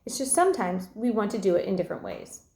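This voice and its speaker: Woman voicing a playful, excitable dad, storybook reading, a bit raised, echoey room. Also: medium pitch, quick pace. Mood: reassuring. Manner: excitable and jokey. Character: playful joking father, teasing his son.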